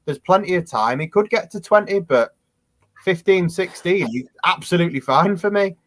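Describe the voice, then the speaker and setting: A man's voice: high-pitched, animated, moderate pace, a bit bright. A man giving easygoing views in a casual football chat. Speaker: panelist.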